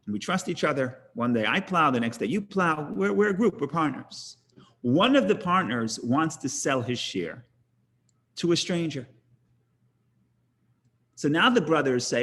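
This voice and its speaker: A man's voice: medium pitch, lively intonation, unhurried, fairly bright tone. A middle-aged man giving an informal Talmud lecture, talking conversationally with frequent restarts and acting out the people in his examples. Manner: conversational, many restarts, acts out quoted voices. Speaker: rabbi teaching Talmud class.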